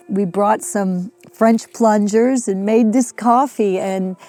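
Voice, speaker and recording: A middle-aged woman preaching a sermon, telling a story earnestly with frequent restarts and dropping to a hush. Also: mid-range voice, fairly even intonation, slow, hardly any pauses, soft background music. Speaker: missionary preacher.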